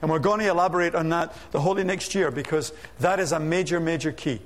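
High-voiced man preaching a sermon. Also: quick pace. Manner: energetic, rhetorical questions, humorous asides.

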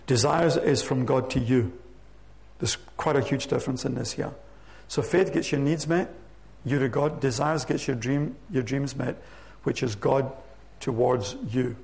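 A man preaching a sermon to his church, reading scripture aloud with slow, emphatic stress. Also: mid-range voice, gravelly, a little mellow. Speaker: pastor. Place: church sanctuary.

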